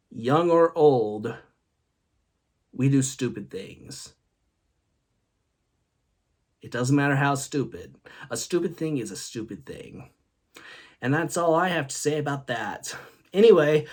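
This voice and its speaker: Man young male host, rambling jokey storyteller, animated up-and-down delivery, laughs at himself. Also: on the high side. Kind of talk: casual solo talk video.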